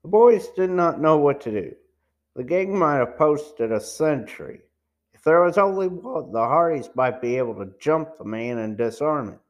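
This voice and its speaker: A man's voice: on the high side, lively intonation, normal speed. A man reading a novel aloud as an amateur audiobook narrator, careful with small stumbles. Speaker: audiobook reader.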